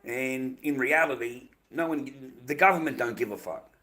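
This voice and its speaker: A man's voice: mid-range voice, moderate pace, bright, forceful tone. An Australian man ranting to his stream viewers, heated and profane, repeating himself often. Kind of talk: ranting livestream monologue.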